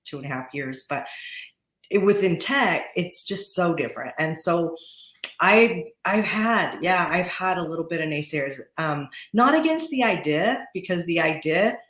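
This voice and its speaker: A woman in her forties, a podcast guest talking casually, chatty and quick to laugh, often restarting and repeating words. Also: lowish voice, expressive, fairly bright tone, reverberant. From Utah. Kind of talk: casual interview talk. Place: podcast studio.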